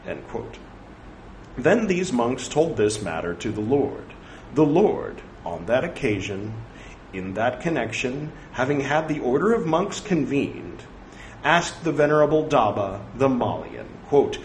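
A man reading scripture aloud, saying the quotes and punctuation out loud and breaking off for chatty side remarks. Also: mid-range voice, expressive, slow. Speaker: scripture reader. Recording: echoey room with faint background noise.

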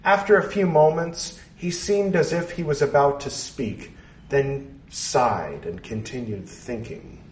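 A man narrating a story in a measured, expressive reading. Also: mid-range voice. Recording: roomy, distant mic.

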